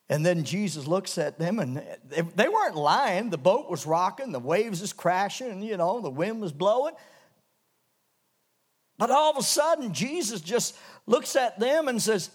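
A man from Canada preaching a revival sermon in church, dropping to hushed lows and rising to loud, soaring highs. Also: sing-song, a little slow, pauses often, slightly rough.

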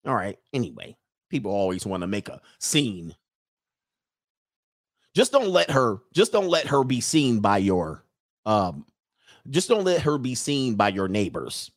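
Lively joking male stream host. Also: lowish voice, no echo, clean studio sound. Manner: loud, joking, slangy, drawn-out exclamations. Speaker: livestream commentary host. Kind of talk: casual live commentary.

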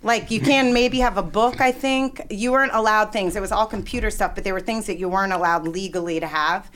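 A woman's voice: medium pitch, brisk, a bit bright. A woman chatting casually, telling a funny story and quoting people in different voices. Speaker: guest storyteller.

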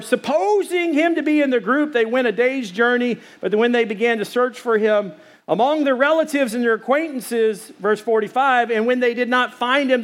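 A middle-aged man preaches from a church stage, his voice sitting high for a man. He jokes with the congregation and slips into little acted-out scenes as he talks. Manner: animated, joking, acts out quotes. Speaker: pastor. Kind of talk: sermon. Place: church sanctuary.

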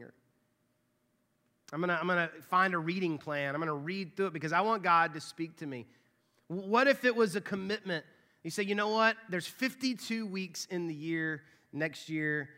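A man in his thirties preaches an earnest sermon, his bright, slightly high voice at times dropping to a near whisper. The sound rings with the long reverb of a large church hall. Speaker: pastor.

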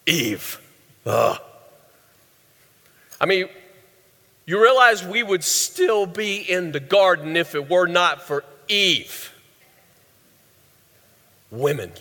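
A man's voice: high-pitched, slow pace, sharp tone. A man preaching a sermon in a conversational way, asking the audience questions and joking. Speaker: pastor. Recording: long hall reverb.

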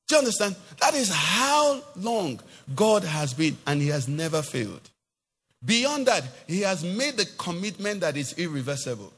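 A man preaching a sermon in a church, emphatic, asking his congregation questions and now and then singing a phrase or rising to a shout. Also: sits high, big pitch swings, moderate pace, husky. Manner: sings some phrases, rises to shouts. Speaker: pastor. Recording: long hall reverb.

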